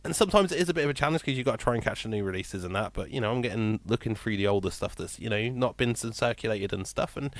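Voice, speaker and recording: Gravelly, fast-talking male radio DJ. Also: fairly low pitch, animated, no room sound. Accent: English. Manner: chatty, rambling, informal. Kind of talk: unscripted radio chat. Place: radio studio. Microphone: studio microphone.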